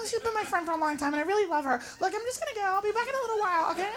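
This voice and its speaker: Woman doing a shy girlfriend mumbling excuses, quiet and high. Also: lively intonation, racing. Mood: meek. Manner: soft, hesitant, placating. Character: meek young woman defending her friend to a boyfriend.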